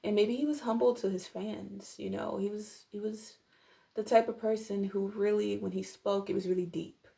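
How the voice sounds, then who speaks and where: A woman's voice: medium pitch, fairly even intonation, moderate pace, creaky, dark tone. A young woman giving a casual tarot reading to camera at home, rambling with many fillers and apologetic asides. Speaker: tarot reader.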